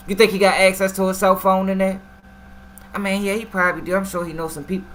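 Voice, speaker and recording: Casting: male live-stream commentator, higher voice, bright and forceful, slangy and animated, faint noise behind. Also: brisk. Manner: slangy, animated, talks straight to the viewers.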